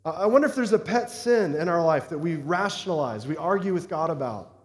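A man preaching a conversational sermon, often pausing to check in with his listeners. His voice sits a little higher than most men's. The room gives it a roomy echo with a long reverb tail. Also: expressive. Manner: conversational preaching with frequent check-ins to the congregation. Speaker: pastor. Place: church sanctuary. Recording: echoey hall reverb.

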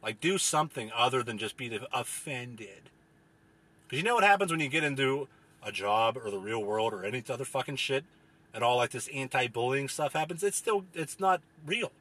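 A young man ranting casually with profane, rambling talk and many fillers, sometimes mocking people in a whiny high voice. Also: expressive, normal speed, pushed and bright, husky. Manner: mocks others in a whiny falsetto.

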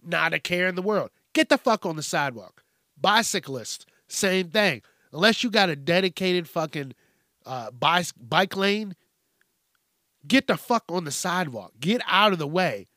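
A man's voice: high-pitched, lively intonation, measured pace, sharp tone, no room sound, clean studio sound. A man hosting a podcast, ranting casually with heavy profanity and exasperation. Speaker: podcast host. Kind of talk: casual solo rant.

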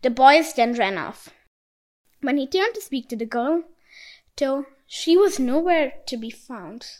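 A woman with a high, light voice reads a folk tale aloud. Her narration is expressive and animated, lifting for surprises and dropping for quiet moments. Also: a little slow, poor audio. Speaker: storyteller. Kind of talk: storybook narration.

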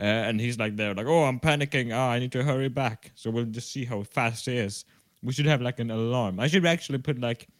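A fairly low-pitched young man, heard with no room sound, co-hosts a podcast over a video call from home. He passes the time with rambling jokes and offhand swearing.

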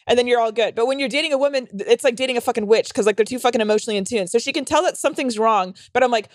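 Fast-talking young woman comedian. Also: on the high side, no room sound, clean studio sound. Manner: rambling, frequent "like" fillers, heavy swearing; acts out quotes in dramatic voices. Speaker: comedian and podcast host. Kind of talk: casual storytelling chat.

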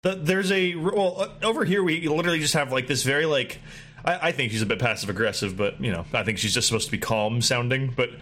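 A man's voice: mid-range voice, fast, a bit bright. A man chatting casually on a podcast, rambling, laughing often and swearing freely. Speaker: podcast co-host. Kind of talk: casual chat.

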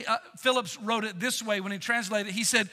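A man preaching a sermon as pastor of his church, impassioned, swinging from loud to near whispers. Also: high voice, steady tone, a little fast. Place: church sanctuary. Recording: long reverb in a church hall.

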